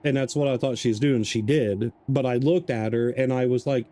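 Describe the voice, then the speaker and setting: A man talking casually over a live game stream, drifting from a long rambling anecdote into commentary on what he is playing. His voice is mellow and warm, pitched in an ordinary middle range, and he breaks into laughter often. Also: fairly even intonation, brisk, hardly any pauses.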